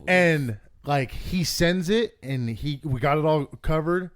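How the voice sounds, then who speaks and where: A man's voice: on the high side, takes it slowly, no echo, clean studio sound. Young male co-host, tells rambling stories, slangy and profane. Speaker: podcast co-host. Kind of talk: casual storytelling.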